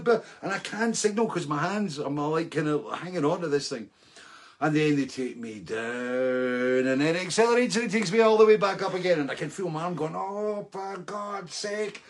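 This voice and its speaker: Husky-voiced man telling a rambling tale. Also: medium pitch. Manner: rambling, self-mocking, laughs through the story, fillers like right. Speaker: storyteller. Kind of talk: casual anecdote to camera.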